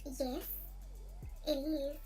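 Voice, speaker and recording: Woman doing a rude lady on the phone, high voice, short and unfriendly. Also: little pitch movement, drawn-out words, warm tone, faint music behind. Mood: curt. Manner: blunt, clipped, unfriendly. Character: curt rude young woman taking phone orders.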